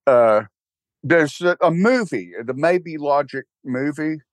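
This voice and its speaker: A man's voice: on the high side, lively intonation, takes it slowly, no room sound. Older texan guy rambling in a chat, wry, lots of restarts, dry close sound. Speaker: guest, church co-founder. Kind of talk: casual interview chat.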